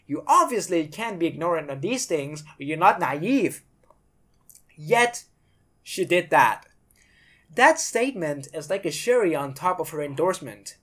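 A woman's voice: low voice, very animated, a little slow, fairly bright tone. A woman hosting a podcast, giving blunt, sarcastic commentary and swearing freely. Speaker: podcast host.

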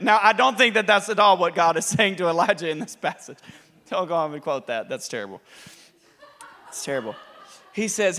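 Animated man preaching conversationally, very high voice, long hall echo. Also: brisk. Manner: animated, chatty, laughs between lines. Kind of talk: sermon.

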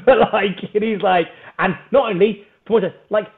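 A man, a podcast guest, telling a story in a casual, animated, self-mocking way and laughing often. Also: high voice, moderate pace, gravelly. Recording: phone-like narrow band.

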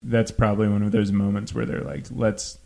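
A man making slow, laid-back remarks in a casual chat. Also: lowish voice, flat delivery, vocal fry, noisy background.

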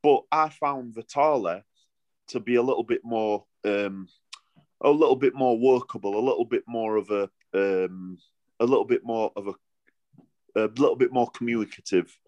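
A man's voice: medium pitch, moderate pace, darkish tone, no echo, dull audio. A middle-aged man with a Yorkshire accent, a boxer telling stories in a casual interview, rambling with lots of restarts and broad dialect.

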